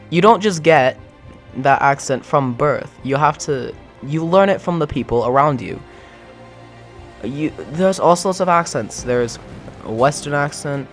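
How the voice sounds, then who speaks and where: A young man in exasperated, sarcastic reaction commentary, swearing freely as he rants. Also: fairly high pitch.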